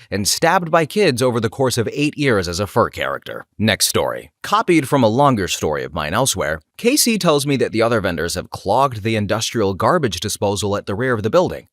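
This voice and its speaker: A man reading anecdotes aloud as a story narrator, animated and swinging up into quoted lines. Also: fairly low pitch, dry recording, studio quality.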